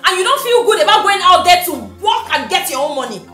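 A woman's voice: high voice, sing-song, normal speed, bright, forceful tone, reverberant, soft background music, heavily acted. An actress playing a scornful, sarcastic young woman with a Nigerian accent, scolding her idle boyfriend.

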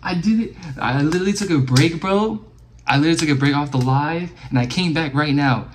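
A young man giving an excited gameplay reaction, loud and exclaiming, swearing and calling everyone "bro". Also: fairly high pitch, fairly quick. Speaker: gaming YouTuber. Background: video game music.

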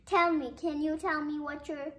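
A woman voicing an angry grown son who shouts and scolds his old father in a storybook tale. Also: high voice, little pitch movement, normal speed, far from the mic. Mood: curious. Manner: loud, scolding.

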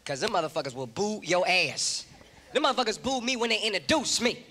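A man from Long Beach doing a loud, profane stand-up set with animated impressions on a comedy stage. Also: sits high, brisk. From Long Beach, California. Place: comedy stage before a live audience. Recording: live club show with a roaring crowd and noise.

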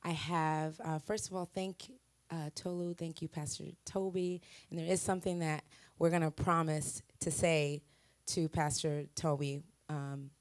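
A woman's voice: low-pitched, unhurried, no room sound. A woman from Wisconsin, a guest speaker at a church, sharing family stories in a chatty way, laughing often and poking fun at herself. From Wisconsin, USA. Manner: laughing, self-mocking, lively storytelling. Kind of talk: chatty personal sharing to a congregation.

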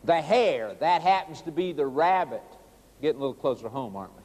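Animated folksy preacher man. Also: fairly high pitch, moderate pace, big-room sound. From rural United States. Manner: addresses the audience as folks, acts out quotes in a raised voice. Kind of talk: sermon.

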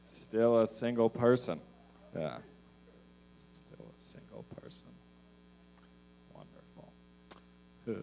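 A man doing a stand-up set in a comedy club, mumbling his asides and pushing his punchlines out loud. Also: medium pitch.

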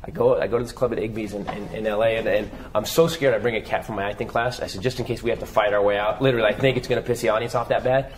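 A man in his forties, a comedian guest telling stories in an interview, animated and acting out quotes. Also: lowish voice, a little hiss or hum, poor audio. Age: 40s. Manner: fast, animated, acts out quotes. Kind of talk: storytelling interview.

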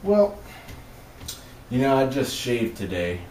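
Young guy doing a deadpan comedy bit, voice jumps up and down a lot, sounds roomy and kinda far off. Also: mid-range voice, measured pace. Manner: deadpan jokey banter. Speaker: comedy sketch host. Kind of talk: scripted comedy sketch. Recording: roomy, far from mic, faint noise.

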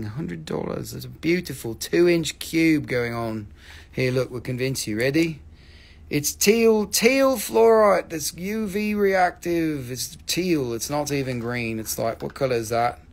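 Gravelly joking rock seller man. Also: fairly high pitch. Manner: joking, profane, animated. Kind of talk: live sales stream, casual chat.

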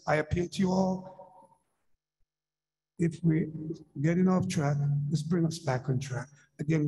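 A man's voice: on the high side, a little mellow, in a large hall, low-quality recording. A man on a school board giving earnest, emotional remarks at a meeting, repeating his points like a sermon. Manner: earnest, emotional, preacherly repetition.

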